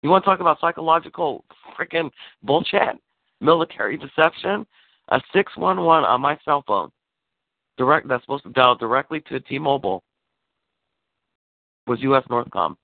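A man on a call, telling a story in casual chat, animated and swearing, acting out the lines he quotes. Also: on the high side, moderate pace, vocal fry, long pauses, dry recording. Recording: tinny phone line.

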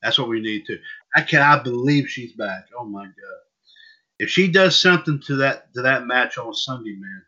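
Man, podcast host, rambling, bright tense voice. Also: medium pitch, animated, moderate pace. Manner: rambling, repeats himself. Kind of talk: casual wrestling news chat. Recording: dull lo-fi audio.

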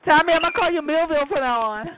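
A woman's voice: sits high, rapid-fire. A woman on a chat line, teasingly calling out to others again and again. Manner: calls out repeatedly, teasing. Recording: tinny phone line.

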